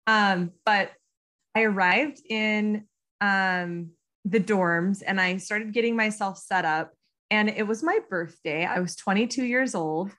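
An American woman in her thirties appears as a podcast guest in a casual storytelling interview. Her mid-range, fairly bright voice moves at a slow pace as she tells a story full of ums and laughter.

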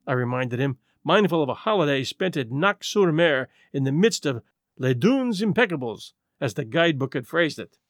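A man narrating a classic detective story in the first person. His reading is animated and expressive, with a fairly high pitch for a man, and the recording is dry and close. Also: moderate pace, no room sound. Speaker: audiobook narrator.

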